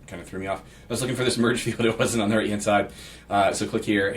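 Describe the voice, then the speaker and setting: A Pittsburgh real estate agent gives a fast, casual screen-share walkthrough of some software in a lowish voice. He's relaxed and thinks aloud, reading template text with asides along the way, and the mic sits a bit far off with faint background hiss.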